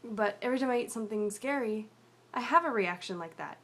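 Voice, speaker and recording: A young woman telling a personal story in a video diary, rambling and confessional with many fillers, often dropping to a quiet mutter. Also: a little high, animated, a little fast.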